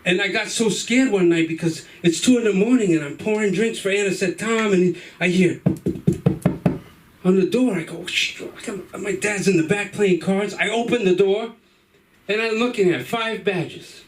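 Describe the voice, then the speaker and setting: A man's voice: sits high, normal speed, far from the mic, a little hiss or hum, low-quality recording. A man in his fifties from the Cape Verde Islands telling a rambling stand-up story at an open mic, acting out the voices of the people in it. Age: 50s. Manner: rambling, animated, acts out voices. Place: comedy club stage.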